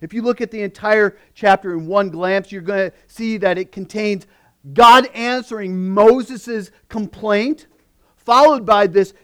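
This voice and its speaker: A male pastor preaching a sermon, moving between emphatic passages and hushed asides. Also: sits high.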